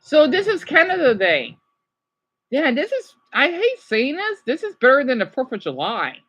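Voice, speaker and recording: An excitable woman from the United States hosting a casual livestream, gushing as she reacts and often apologizing. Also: sits high, normal speed, rough recording. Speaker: livestream host.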